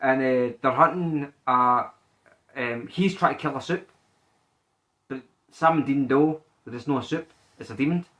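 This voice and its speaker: A man co-hosting a podcast, chatting casually and excitedly, swearing a lot as he retells TV scenes. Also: mid-range voice, a little slow, long pauses. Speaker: podcast co-host. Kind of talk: casual chat.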